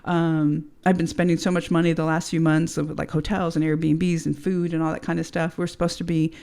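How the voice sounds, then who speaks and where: A podcast guest, an American woman in her thirties, tells her story in a candid, casual chat packed with swearing, fillers and "right?". She has a low-pitched, level and slightly mellow voice and talks a little fast.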